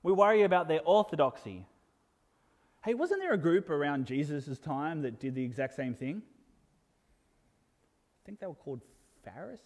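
A man preaching a sermon in an earnest way, building to emphatic peaks and dropping to soft asides. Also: fairly high pitch, big pitch swings, normal speed, pauses often. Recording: long hall reverb.

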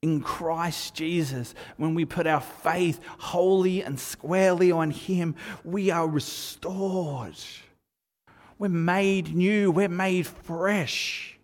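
A man preaching a sermon in a relaxed, conversational way, telling stories with lively asides. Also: sits high, slow pace, long reverb tail. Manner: conversational, animated storytelling with asides. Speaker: pastor.

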